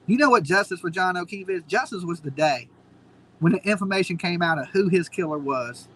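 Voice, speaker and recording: A man's voice: high-pitched, lively intonation, brisk, a bit bright, low-quality recording. A man hosting a live stream, ranting in a mocking, combative way. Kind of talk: heated casual commentary.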